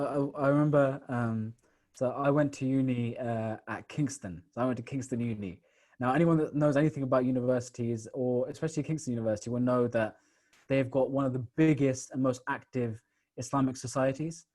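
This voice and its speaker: A young man from the UK, a missionary on a Q&A panel, telling stories in a quick, animated, casual way with repeated starts. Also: medium pitch. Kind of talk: casual storytelling in a Q&A.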